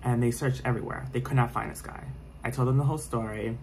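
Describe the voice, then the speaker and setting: A man's voice: medium pitch, fairly even intonation, quick pace, a little mellow, slight background noise, poor audio. A young man telling a scary story in a casual vlog, rambling with lots of fillers and restarts.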